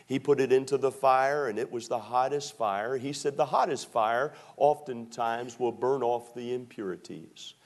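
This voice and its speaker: Man preaching a slow, storytelling sermon. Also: medium pitch. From Maryland, USA. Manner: storytelling with slow drawn-out emphasis and fillers.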